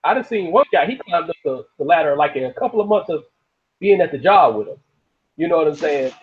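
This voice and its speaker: A man's voice: fairly high pitch, expressive, brisk. A man in casual chat as a podcast guest, blunt and profane, often asking "you know what I'm saying". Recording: dull lo-fi sound.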